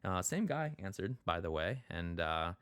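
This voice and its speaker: A man's voice: deep voice, very animated, moderate pace, a bit bright, clean tone, no echo, clean studio sound. A man telling a rambling, exasperated personal story in a casual vlog, full of fillers. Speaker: vlogger.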